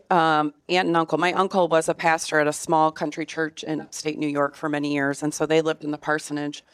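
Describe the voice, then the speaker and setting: A woman tells a family story to her church group in a lowish voice, recorded dry and close. She speaks with feeling and comes near to tears. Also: clean tone, dry recording. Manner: emotional, tearful at times. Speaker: class member sharing a story. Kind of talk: personal storytelling.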